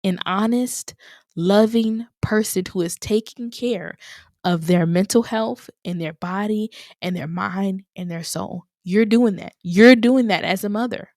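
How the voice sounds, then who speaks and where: A woman's voice: medium pitch, measured pace, darkish tone, dry recording. Woman host with a dry close sound. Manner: encouraging, repeats phrases for emphasis. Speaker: podcast host. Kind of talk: motivational solo podcast talk.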